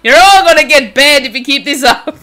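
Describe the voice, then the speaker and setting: A woman's voice: high voice, moderate pace, pushed and bright. A young American woman chatting casually on a game live stream, teasing her chat playfully and laughing all the time.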